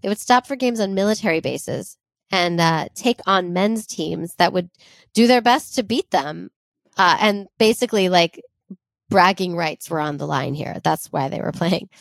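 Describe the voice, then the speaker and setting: A woman's voice: fairly low pitch, moderate pace, vocal fry, no room sound, clean studio sound. A woman podcast co-host telling a life story in casual, giggly chat and reading quotes aloud.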